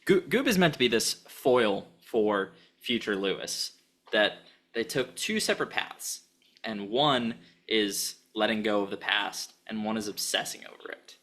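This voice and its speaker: A man's voice: lowish voice, animated, a little slow, a bit bright. A man co-hosting a casual podcast chat, talking enthusiastically, often giggling and restarting his sentences. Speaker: podcast co-host.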